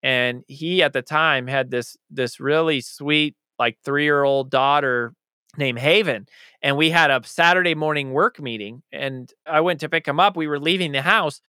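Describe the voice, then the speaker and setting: A man's voice: on the high side, normal speed, pushed and bright, clean tone, dry recording, studio quality. A man speaking as an author being interviewed, talking in a passionate, emphatic way. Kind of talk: conversational interview answers.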